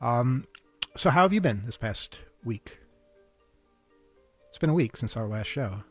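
A man's voice: mid-range voice, expressive, measured pace, faint music behind. A man co-hosting a radio talk show, telling a story in a rambling way, stumbling over repeated words and laughing often. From New York State. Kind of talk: casual chat.

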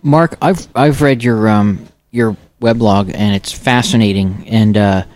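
A man's voice: fairly low pitch, darkish tone. A man hosting an interview, stumbling and repeating words as he talks. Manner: halting, stumbling over words. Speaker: host.

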